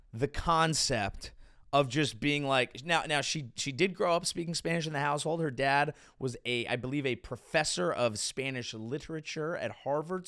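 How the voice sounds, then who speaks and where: A man hosting a comedic podcast, ranting with sarcastic, mocking riffs. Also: a little high. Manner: sarcastic, mocking, lively riffing. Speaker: comedian and host.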